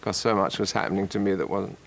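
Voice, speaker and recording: An older man reminiscing about an old friend in an interview, halting and repeating words, chuckling between phrases. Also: sits low, gravelly, fairly bright tone, a little hiss or hum. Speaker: actor recalling an old friend.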